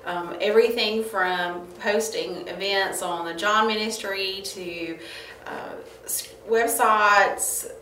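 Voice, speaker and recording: A woman co-hosting a church ministry talk show, speaking in a measured, encouraging way. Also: medium pitch, steady tone, bright, forceful tone. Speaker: co-host. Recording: roomy, distant, faint background noise.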